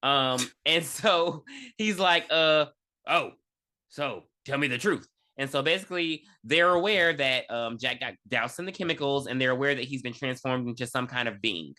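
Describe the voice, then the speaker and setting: A man's voice: mid-range voice, normal speed, pushed and bright. A man co-hosting a podcast, recapping a movie plot with sarcastic, profane commentary. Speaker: podcast co-host. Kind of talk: casual movie review chat.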